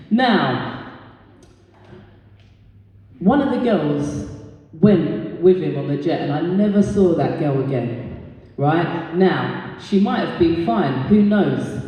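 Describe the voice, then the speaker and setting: A woman's voice: expressive, takes it slowly, long pauses, warm tone, dull audio. Brash British woman in an echoey hall. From Britain. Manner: brash, sweary storytelling with leaps into high squeaky quoted voices. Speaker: stand-up comedian and compere. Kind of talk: stand-up comedy set. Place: live comedy venue. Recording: echoey hall, distant mic.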